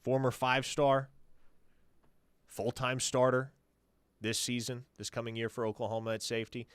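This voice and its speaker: A man's voice: medium pitch, level tone, normal speed, clear, resonant tone, dry recording. A man hosting a sports talk radio show, confidently answering listener questions as a team insider. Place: radio studio.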